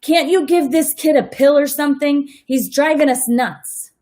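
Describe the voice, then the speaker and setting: A bearded grown man hauling boxes who is plainly fed up, as a woman reads him in her own slightly high voice. He sounds exasperated and worn thin. The tone stays close to the reader's natural one. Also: normal speed, a little mellow, close to an everyday voice. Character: bearded adult male mover, fed up.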